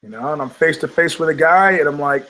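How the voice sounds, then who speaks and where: Older man, podcast host, profane rant, animated storytelling, slightly high voice. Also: fairly quick.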